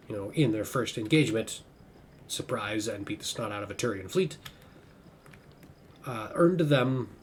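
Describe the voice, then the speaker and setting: Rambling man commenting on his gameplay. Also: lowish voice. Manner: rambling, self-correcting. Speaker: let's-play host. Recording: faint background noise.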